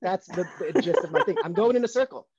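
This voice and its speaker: A man's voice: high-pitched, lively intonation, fast, muffled recording, a crowd in the background. A man co-hosting a podcast on a video call, arguing animatedly in casual debate and repeating himself. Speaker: podcast co-host. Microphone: home mic on a video call.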